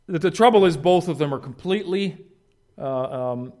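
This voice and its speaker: A pastor preaching a conversational sermon, animated and informal, often restarting his phrases. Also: fairly high pitch, normal speed.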